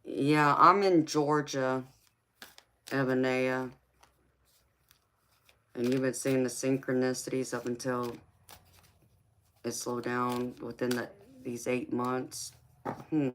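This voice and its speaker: Her voice is very deep and a bit bright, with a flat, slow delivery and frequent pauses. She's a middle-aged tarot reader and livestream host from California with a Southern accent who reads viewer comments, laughs often, and calls people honey and sweetheart; there's slight background noise.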